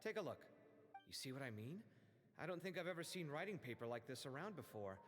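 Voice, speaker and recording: An actor playing an excitable young male architect who talks in a chatty, animated way in game audio. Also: fairly high pitch, fast. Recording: game audio with faint music.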